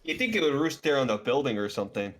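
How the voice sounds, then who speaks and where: A man's voice: medium pitch, big pitch swings, fast, a bit bright. A man playing a tabletop role-playing game with friends, rambling along and tagging his sentences with "there.". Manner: rambling, habitually tags sentences with 'there'. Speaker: player. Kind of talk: tabletop role-play chat.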